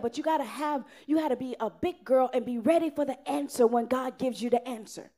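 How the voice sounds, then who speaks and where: A woman preaching a sermon in an earnest, repetitive way, rising loud and then dropping soft. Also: sits high, a little fast, hardly any pauses.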